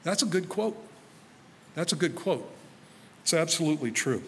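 A man preaching a sermon as pastor, telling personal stories in a relaxed conversational way. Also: on the high side, moderate pace. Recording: faint hall reverb with light noise.

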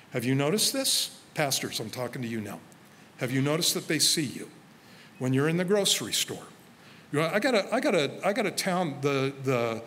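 A man preaching a sermon as pastor, telling personal stories in a relaxed conversational way. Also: mid-range voice. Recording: faint hall reverb with light noise.

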